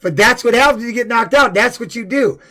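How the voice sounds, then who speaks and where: A high-pitched man in middle age tells a story in a loose, profane way on his live stream. He sounds like a former fighter talking casually to his viewers. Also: fast. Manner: profane, animated retelling.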